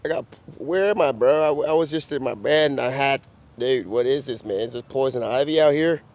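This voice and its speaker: A man's voice: medium pitch, fairly quick, darkish tone. A man doing an improvised comedy skit outdoors, rambling and drawling, filling nearly every sentence with "man" and "bro". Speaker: comedic vlogger.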